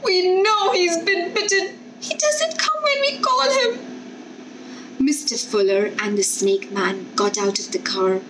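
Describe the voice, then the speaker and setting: A woman's voice: mid-range voice, a little hiss or hum, low-quality recording. A woman reading a story aloud for children, carefully and expressively. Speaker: story reader.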